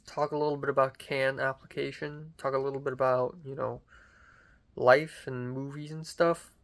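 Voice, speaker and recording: A man's voice: medium pitch, flat delivery, normal speed, fairly bright tone. Young guy, diary vlog, loose rambling delivery full of ums and cussing, mid-range voice. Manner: rambling, lots of fillers, casual swearing. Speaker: vlogger.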